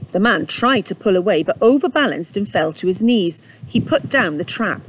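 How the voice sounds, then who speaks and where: Storyteller woman reading a children's book at home, lively pitch, faint hiss behind. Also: moderate pace, few pauses. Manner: warm, expressive storybook narration with asides.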